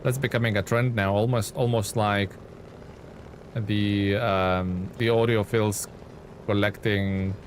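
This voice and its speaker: Low-voiced man streaming a driving game. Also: fairly even intonation, takes it slowly, a little hiss or hum. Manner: rambling, talks to chat while playing. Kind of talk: casual gameplay commentary.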